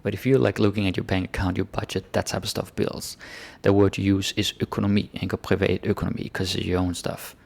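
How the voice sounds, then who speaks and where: A man from Denmark, giving a casual language lesson and slowing down to read example phrases aloud. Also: low-pitched, vocal fry, husky. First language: Danish. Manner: relaxed explaining, slows down to read phrases. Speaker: language teacher.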